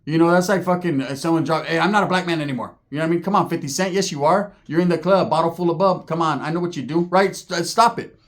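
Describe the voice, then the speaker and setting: A man's voice: fairly high pitch, fast talker. A middle-aged man casually telling a profane prison-life story, acting out the people he quotes. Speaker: storyteller guest.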